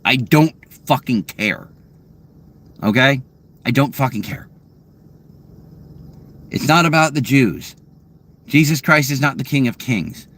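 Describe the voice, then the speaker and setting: A man's voice: mid-range voice, animated, takes it slowly, pauses often. Profane, heated man ranting in a car. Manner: profane, heated, swings loud and quiet. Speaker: vlogger answering chat questions. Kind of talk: angry rant answering live chat.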